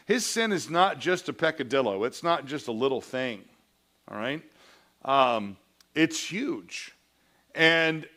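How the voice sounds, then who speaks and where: Male Sunday School teacher with a slightly raised pitch. Conversational, asks "all right?" to check with the class. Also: expressive, unhurried, sharp tone. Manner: reads long passages aloud, then explains them. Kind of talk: church teaching lesson. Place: church classroom.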